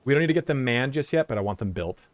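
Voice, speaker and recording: A man with a mid-range, expressive voice talks at a racing clip in a dry, echo-free recording. He's streaming a strategy game from home in a laid-back live-stream chat, swearing freely and breaking off from the commentary to give his dog commands.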